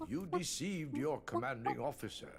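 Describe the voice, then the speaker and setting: A stately old emperor, gravelly. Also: male voice, medium pitch, lively intonation, crowd noise. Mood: solemn. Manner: stately, measured, formal. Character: old, dignified male emperor. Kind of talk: game cutscene voice acting.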